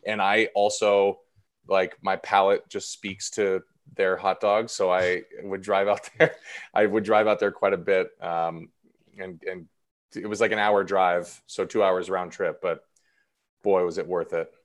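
A man in his thirties talks as an actor guest on an interview show, his voice sitting low. He rambles in an easy, self-deprecating way, full of fillers. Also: flat delivery, unhurried. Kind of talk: casual interview chat.

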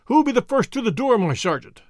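A man's voice: extremely high pitch, sing-song, brisk, darkish tone, no echo, studio quality, voice pushed up. A man doing a bold, mocking masked outlaw. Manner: defiant, taunting.

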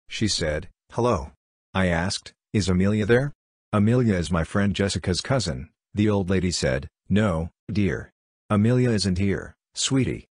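A man reading a series of short ghost stories aloud in a steady, even storytelling delivery. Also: sits low, no echo, studio quality. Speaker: narrator.

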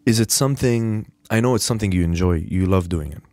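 Casting note: male host, low voice, relaxed rambling questions, dry sound. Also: fast talker, no room sound. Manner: relaxed, prompting questions with fillers. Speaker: podcast host. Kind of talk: casual interview.

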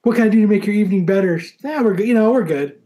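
A married man casually telling a story on a podcast, animated, swearing freely and laughing often. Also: sits high, racing. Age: adult, married.

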